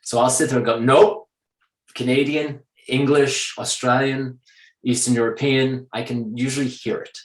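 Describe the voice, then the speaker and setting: A man, an American actor, talking in a casual interview in a measured, matter-of-fact, confident way. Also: mid-range voice, level tone, echoey room, low-quality recording. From United States.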